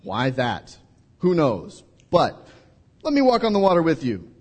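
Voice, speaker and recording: A man preaching a sermon to a congregation in a church hall, telling the story dramatically, acting out voices and dropping to a hush at key moments. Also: on the high side, wildly swooping pitch, a little slow. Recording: reverberant hall.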